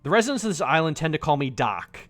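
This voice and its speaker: Man playing a prim condescending cat doctor lady, raised lively pitch, dry sound. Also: quick pace, no room sound.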